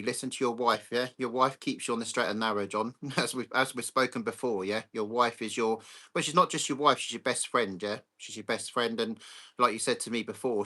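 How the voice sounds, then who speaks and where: Bright-voiced man chatting on a livestream. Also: mid-range voice. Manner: chatty, greets viewers by name, blunt with swearing. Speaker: livestream host. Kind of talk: casual live chat with viewers. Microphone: phone.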